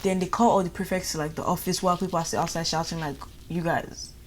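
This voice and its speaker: A young woman with a Nigerian accent tells a storytime vlog, lively and exasperated. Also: lowish voice, very fast, a little hiss or hum. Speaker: vlogger.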